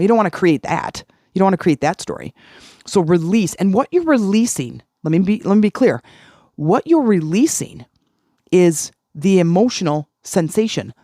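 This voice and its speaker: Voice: mid-range voice, darkish tone, no room sound, studio quality. A middle-aged podcast host giving a self-help talk, earnest and repeating key phrases for emphasis.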